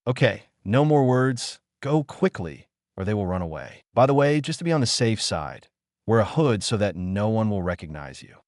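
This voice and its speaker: A man's voice: on the low side, very animated, normal speed, darkish tone, no room sound, studio quality. A man voicing a shrewd, laid-back male basketball coach who talks in an easygoing, knowing way. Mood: amused.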